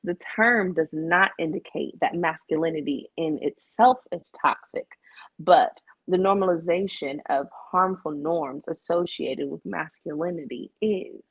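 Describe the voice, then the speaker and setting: A woman's voice: on the low side, unhurried, husky, no room sound, rough recording. A woman co-hosting a casual talk show, joking and affirming her co-host. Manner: playful, brief affirmations, joking. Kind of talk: casual discussion.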